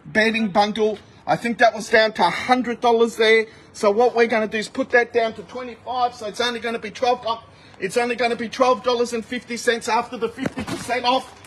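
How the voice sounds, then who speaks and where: High-voiced man calling out bargain prices. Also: flat delivery, fairly bright tone. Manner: rapid price-calling, chatty with viewers. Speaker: livestream sale host. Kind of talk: live shopping stream. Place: outdoors at a warehouse sale. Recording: noisy outdoor phone recording with wind.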